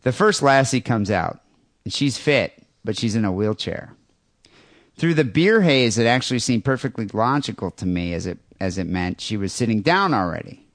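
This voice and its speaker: Loud, joking man on a crude podcast. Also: lowish voice, moderate pace, no room sound, clean studio sound. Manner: loud, animated, jokey storytelling. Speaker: podcast co-host. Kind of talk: crude comedic podcast banter, reading a listener email.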